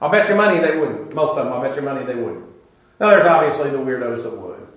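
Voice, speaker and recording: A man's voice: mid-range voice, expressive, quick pace, a bit bright. A man preaching a conversational Bible-teaching sermon, informal, with filler "uh"s and dry sarcastic asides. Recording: very echoey room.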